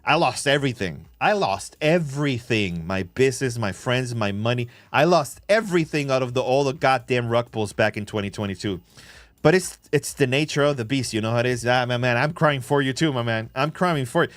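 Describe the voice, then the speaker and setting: A man hosting a crypto livestream, talking excitably and swearing as he gives rapid shout-outs to viewers, recorded on a phone. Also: medium pitch, dry recording. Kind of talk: casual livestream chat.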